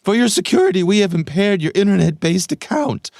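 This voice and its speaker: A man putting on a crazy high scam-email voice. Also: very animated, brisk, creaky, darkish tone, no echo, studio quality, heavily acted. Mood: mock dramatic. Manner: shrill, overemphatic mock reading.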